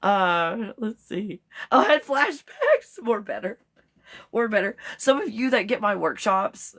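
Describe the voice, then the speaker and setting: A woman's voice: mid-range voice, very animated, unhurried, a bit bright. A woman hosting a casual live stream, chatting with viewers, reading their comments aloud, laughing often and spelling out some words letter by letter.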